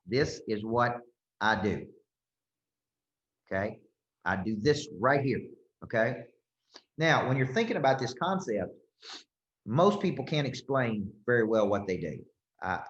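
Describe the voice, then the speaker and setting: A man's voice: medium pitch, animated, measured pace, pauses often, a bit bright. Emphatic male coach in a roomy space. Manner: emphatic, repetitive, asks "okay?" and "right?". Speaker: business coach. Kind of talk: coaching talk to a group. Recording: roomy, slightly dull sound.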